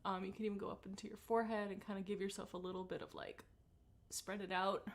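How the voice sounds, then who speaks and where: A woman singing teacher leading a guided vocal warm-up on a livestream, relaxed and encouraging as she greets viewers by name. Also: mid-range voice, fast talker.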